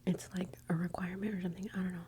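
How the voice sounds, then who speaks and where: A woman's voice: fairly low pitch, little pitch movement, very fast, mellow, slight background noise. A woman from Texas with a Texan accent, whispering close to the mic as she hosts rambling, self-interrupting ASMR commentary. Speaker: ASMR channel host.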